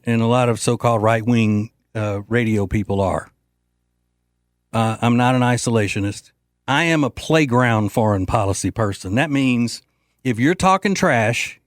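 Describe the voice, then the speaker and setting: On a dry recording, a mid-range male voice hosts a political talk show. He delivers a rambling, brash monologue full of jokes and frequent fillers into the studio microphone.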